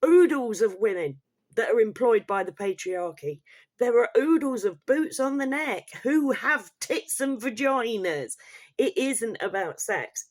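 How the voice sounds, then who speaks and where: A woman rants into the camera in a vlog, swearing freely and hammering home each point. She talks at a slow, deliberate pace that leaves room for every emphatic word. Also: medium pitch. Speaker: vlogger. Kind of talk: ranting vlog monologue.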